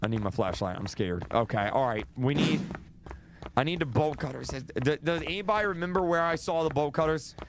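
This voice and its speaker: Over background noise, a young male streamer talks a little fast in a slightly high voice while playing a horror game live. His nerves show as he repeats himself, and his voice is going hoarse.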